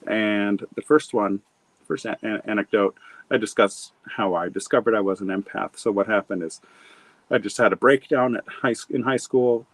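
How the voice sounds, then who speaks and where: A man's voice: lowish voice, moderate pace, no echo, rough recording. A middle-aged man from Montana, an author being interviewed, telling his story in a rambling, reflective way with many fillers and restarts. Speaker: author and guest. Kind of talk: conversational interview.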